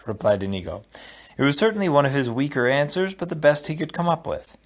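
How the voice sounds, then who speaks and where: A man reading a novel aloud as audiobook narrator, telling the story expressively and dropping low for asides. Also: expressive, fast talker. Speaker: audiobook reader.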